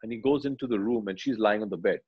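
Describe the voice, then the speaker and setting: A man, animatedly retelling film scenes in an interview and quietly acting out the lines. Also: on the low side, fast talker, breathy edge, lo-fi sound. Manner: animated storyteller, acts out dialogue lines quietly. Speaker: actor, interview guest.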